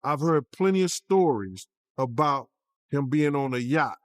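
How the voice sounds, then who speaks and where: A man's voice: on the high side, animated, a little slow, no echo, studio quality. A man talking casually and emphatically in street slang, often repeating himself. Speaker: commentator in a clip. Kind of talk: casual talk.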